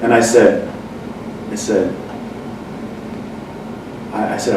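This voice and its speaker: A man's voice: on the low side, normal speed, pauses often. Far-off man telling a rambling story. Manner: rambling, self-correcting, animated when quoting others. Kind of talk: casual storytelling chat. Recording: echoey room from far off with noise.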